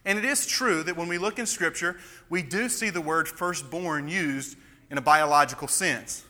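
A man preaching an expository sermon with a tense, hard-driving voice set a little high. He grows emphatic and fervent as he presses his points. The sound rings with the long reverb of a large church hall. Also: moderate pace, bright, forceful tone.

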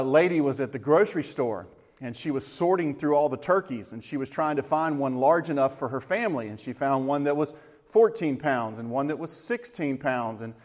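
Joking dad speaking in a big hall. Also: male voice, mid-range voice. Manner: folksy, tells corny jokes with relaxed asides. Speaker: church speaker. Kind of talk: casual talk before a church audience. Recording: long reverb of a large hall.

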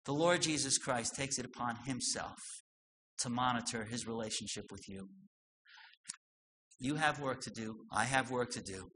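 A man preaching a sermon, swinging from loud emphatic lines to soft, low asides. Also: moderate pace. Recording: long hall reverb with faint noise.

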